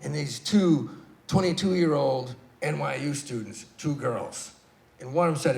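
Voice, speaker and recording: A man doing a stand-up set, telling stories with swearing and sudden loud bursts. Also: mid-range voice, moderate pace, vocal fry. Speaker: stand-up comedian. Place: live comedy stage.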